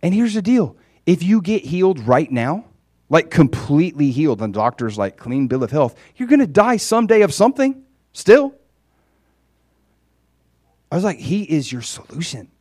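A man preaching a conversational sermon, dropping quiet and then rising loud and emphatic. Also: fairly high pitch, big pitch swings, moderate pace, no room sound, studio quality.

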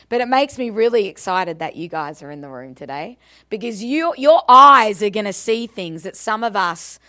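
A woman's voice: fairly high pitch, fairly bright tone. A woman with an Australian accent, speaking as a guest speaker at church in a bubbly, chatty way that often breaks into laughter. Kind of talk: church talk to a congregation.

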